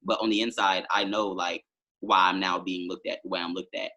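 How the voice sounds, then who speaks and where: Male musician guest, husky and forceful, lowish voice, rambling casual storyteller. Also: level tone, fairly quick. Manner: rambling storytelling with many fillers. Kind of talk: casual podcast conversation.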